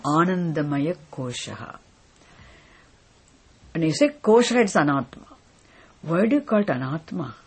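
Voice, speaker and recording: A teacher giving a philosophy lecture in a deliberate way, often stopping to check that listeners follow. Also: mid-range voice, animated, husky. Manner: deliberate, repeatedly checks understanding. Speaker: spiritual teacher.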